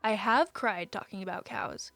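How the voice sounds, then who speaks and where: A young woman streaming live, chatting casually with viewers and reading their messages, emotional and quick to say she will cry. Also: medium pitch, creaky, fairly bright tone, no echo, faint music behind.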